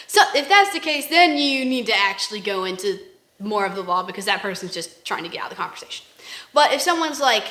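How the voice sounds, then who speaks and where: A woman's voice: mid-range voice, fast talker, bright, forceful tone. A woman co-hosting a casual faith discussion, rambling and acting out examples in quoted voices. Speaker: podcast co-host. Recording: roomy echo.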